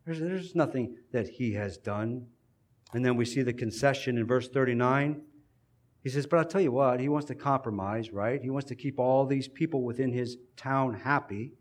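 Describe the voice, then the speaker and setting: A man preaching a sermon in an earnest way, building emphasis and pausing between phrases. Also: medium pitch.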